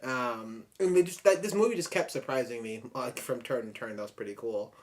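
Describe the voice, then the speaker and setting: A man co-hosting a podcast, chatting casually about a film, excitable and swearing freely. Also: medium pitch, fairly quick. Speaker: podcast co-host. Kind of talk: casual film-review chat.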